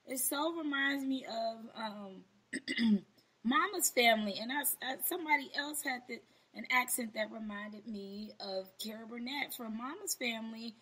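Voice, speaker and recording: Breathy, enthusiastic woman host. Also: a little high, a little slow, sharp tone, rough recording. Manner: enthusiastic, rambling questions full of fillers. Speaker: interview host. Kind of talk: casual interview.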